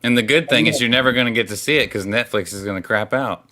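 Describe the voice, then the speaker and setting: A man's voice: mid-range voice, quick pace, crowd noise. A man on a casual sports talk panel over a remote call mic, playful and teasing.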